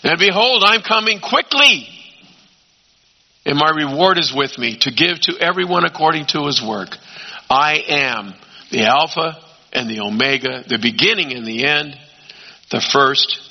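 A man preaching a sermon as pastor, emphatic, swinging between loud urging and quiet asides. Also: medium pitch, a little slow. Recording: dull lo-fi sound.

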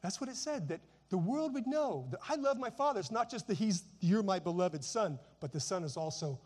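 High-voiced middle-aged pastor. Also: male voice, animated, a little fast, a little mellow. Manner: informal, repeats phrases for emphasis, frequent "you know" asides; preaching while seated. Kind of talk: conversational sermon.

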